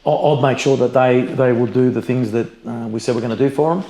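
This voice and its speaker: Fast-talking Australian businessman. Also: mid-range voice, a little hiss or hum. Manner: animated storyteller, acts out quoted exchanges. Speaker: business founder and mentor, guest. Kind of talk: casual interview conversation. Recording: echoey room, faint ambience.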